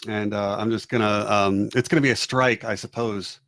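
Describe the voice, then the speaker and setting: A man playing a tabletop game, who talks through his character's moves in a relaxed way. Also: fairly low pitch, normal speed, no room sound, clean studio sound. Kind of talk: casual tabletop game talk.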